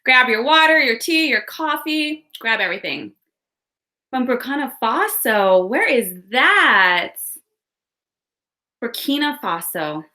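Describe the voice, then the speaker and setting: A woman's voice: a little high, sharp tone. A woman hosting a live online workshop, chatting upbeat with viewers and greeting them by where they're from. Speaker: workshop host. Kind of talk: live webinar chat. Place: home room with window.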